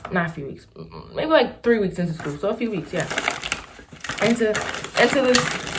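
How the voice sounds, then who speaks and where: A young adult woman chatting casually through a storytime vlog, rambling and animated with lots of "like" and "y'all.". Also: fairly low pitch, noisy background. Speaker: vlogger. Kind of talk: casual storytime while doing makeup.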